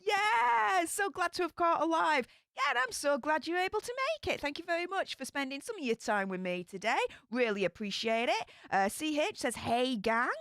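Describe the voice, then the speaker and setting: A woman's voice: high-pitched, dry recording, clean studio sound. A young woman with a Yorkshire accent hosting a casual livestream, chatty and upbeat as she greets viewers and reads their comments. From Yorkshire, England. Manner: upbeat, chatty, bursts of excitement. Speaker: livestream host.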